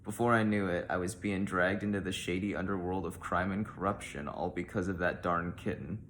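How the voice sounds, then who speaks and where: A man reading a letter aloud in the voice of a folksy Midwestern woman zookeeper, with homespun phrasing and a deadpan delivery. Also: sits low, a little fast, a little hiss or hum.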